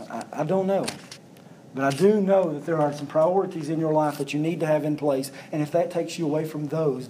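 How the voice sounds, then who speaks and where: A man's voice: fairly high pitch, mellow, a little hiss or hum, poor audio. A man preaching a sermon as pastor, building emphasis through repeated phrases.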